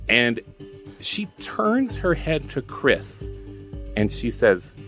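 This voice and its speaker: Lively, jokey male game master. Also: fairly high pitch, slow, soft background music. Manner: chatty, joking asides to the audience. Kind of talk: narrating a tabletop role-play game. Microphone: headset-style desk mic.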